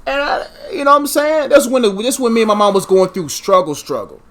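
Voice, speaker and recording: A man co-hosting a podcast, chatting casually and acting out childhood stories with lively comic energy. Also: extremely high pitch, quick pace. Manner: animated storyteller who acts out his childhood. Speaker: podcast co-host. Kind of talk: casual comedic chat.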